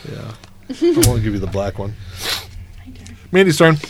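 A man's voice: on the low side, wildly swooping pitch, measured pace, creaky, noisy background. A man hosting a podcast, chatting casually and cracking jokes while running a card game. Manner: joking, wisecracking, laughs often. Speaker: podcast host. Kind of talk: casual game-night chat.

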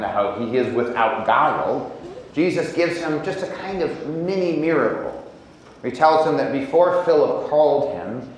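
A man from Indiana preaching a sermon as pastor, relaxed and conversational with touches of humor. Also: mid-range voice, very echoey, a little hiss or hum, poor audio. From Indiana, USA. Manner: conversational and humorous, with acted quotes.

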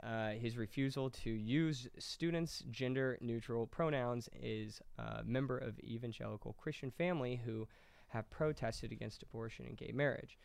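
A man's voice: mid-range voice, moderate pace, gravelly, hardly any pauses, clear, resonant tone, dry recording. A man hosting a casual political podcast, rambling and joking as he reads news headlines aloud on a close mic. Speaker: podcast host.

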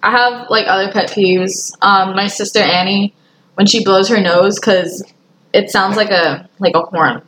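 A woman's voice: mid-range voice, fairly even intonation, a little slow, fairly bright tone, a little hiss or hum, poor audio. A young woman in casual chat with friends, emphatic, swearing freely and laughing often.

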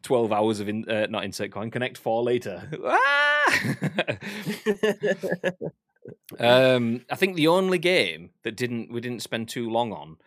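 A young man chats casually on a gaming podcast, cracking jokes and laughing easily. His pitch swings in an animated way, and the sound is dry and close. He swears now and then without any edge. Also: normal speed, hardly any pauses, no room sound. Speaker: podcast co-host. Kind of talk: casual chat.

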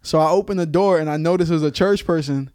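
A man's voice: a little high, fast, a little mellow, dry recording, studio quality. Joking young man from Brooklyn. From Brooklyn, New York. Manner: joking, brings up topics, teases. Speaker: podcast co-host. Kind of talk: casual chat.

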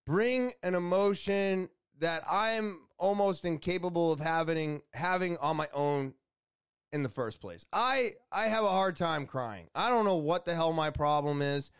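Rambling man with a smooth, highish voice. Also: no echo, clean studio sound. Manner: rambling and blunt, with swearing and many fillers. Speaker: podcast host. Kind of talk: casual podcast rant.

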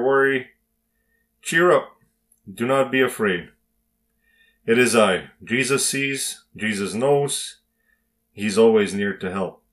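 A man reading a Bible story aloud and preaching on it in a slow, emphatic devotional style with dramatic pauses. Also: mid-range voice, a bit bright.

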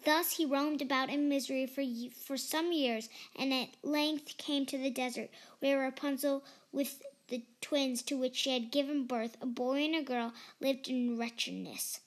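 A woman's voice: high-pitched, fairly even intonation, normal speed, few pauses. A young woman reading a fairy tale aloud, carefully and with small slips. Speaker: storyteller.

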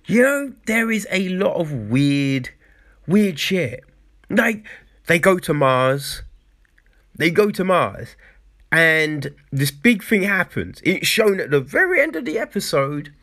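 A man's voice: fairly high pitch, big pitch swings, slow, bright, forceful tone. A man reviewing a TV show in a casual rant, exasperated and profane, often repeating himself for emphasis.

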